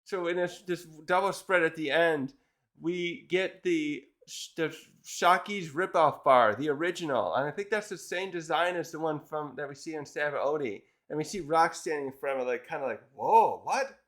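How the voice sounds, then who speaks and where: A man's voice: fairly high pitch, normal speed, fairly bright tone. A man casually reviewing a manga chapter, retelling it in a rambling way with many restarts.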